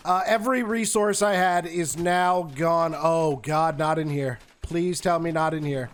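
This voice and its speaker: Male gaming vlogger, high voice, lively commentary while playing, exasperated outbursts at the game, faint background hiss. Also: unhurried, hardly any pauses. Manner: animated, exasperated, talks to the game. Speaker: gaming YouTuber.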